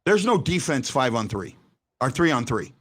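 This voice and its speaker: A man hosting a casual sports fan show, talking in an animated way and stumbling over repeated words as he makes his points. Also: mid-range voice, moderate pace. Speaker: host.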